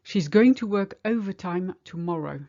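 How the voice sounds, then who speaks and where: A woman teaching a French lesson in English, speaking clearly and slowing down to model French phrases. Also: fairly low pitch, expressive, mellow, lo-fi sound. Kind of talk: language lesson.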